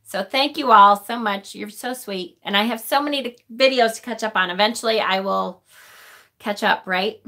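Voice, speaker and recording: Bright-voiced woman hosting a livestream. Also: medium pitch. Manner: emotional, thanking viewers, halting and self-interrupting. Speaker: livestream host. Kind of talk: casual livestream chat.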